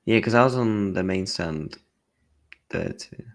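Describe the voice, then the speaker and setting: A young man with a fairly low voice, chatting about football on a livestream. He tells stories animatedly, acts out both sides of an exchange, and talks in blunt slang with the odd mild swear. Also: unhurried. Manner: animated storytelling, acting out his own and others' lines. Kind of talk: casual football chat.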